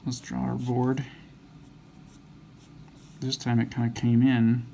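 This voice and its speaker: A drawing instructor mumbles and thinks aloud while he sketches, correcting his lines as he goes. His medium-pitched male voice is slow, completely flat, dark in tone and marked by vocal fry. Faint background noise sits under the recording.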